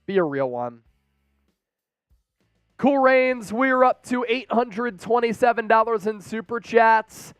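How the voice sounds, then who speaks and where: A man hosting a sports live stream, chatting casually and excitedly straight to his viewers as he reads out their donations. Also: extremely high pitch, normal speed, hardly any pauses, clear, resonant tone, dry recording, clean studio sound, soft background music. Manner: hyped, talks straight to the viewers.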